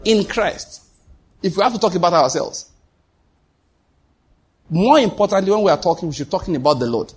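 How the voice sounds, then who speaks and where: A man's voice: sits high, expressive, quick pace, long pauses, darkish tone, slightly rough. A man preaching a sermon as pastor, asking the congregation rhetorical questions and answering them.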